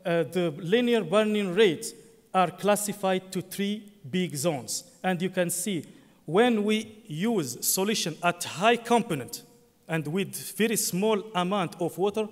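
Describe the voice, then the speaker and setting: High-voiced man presenting in an echoing hall. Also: lively intonation. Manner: halting, frequent fillers and self-corrections. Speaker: conference presenter. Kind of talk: technical conference talk. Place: conference hall. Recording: long hall reverb.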